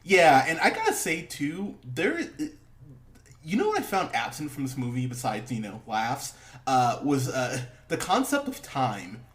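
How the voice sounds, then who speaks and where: A man's voice: mid-range voice, huge pitch swings, measured pace. A man hosting a casual movie review podcast, rambling with lots of fillers, laughing and swearing as he talks. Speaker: podcast host.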